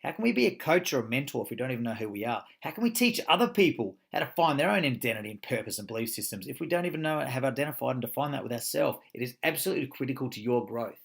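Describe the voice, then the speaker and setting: Man, life coach, gravelly, punchy motivational lecture, swears freely. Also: mid-range voice, expressive, racing, few pauses, fairly bright tone. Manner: emphatic, punchy, swears freely, fires rhetorical questions. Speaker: life coach teaching an online course.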